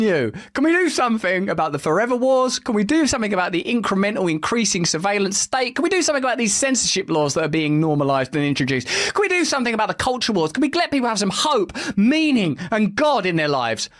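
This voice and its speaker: Sarcastic man ranting, very animated. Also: high voice, fast talker. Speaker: host. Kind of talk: political commentary.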